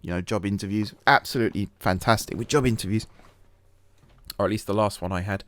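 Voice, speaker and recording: Here a gaming channel host plays a management game and chats loosely, full of fillers, restarts and self-deprecating jokes. His voice is on the low side, a bit bright, and a little fast.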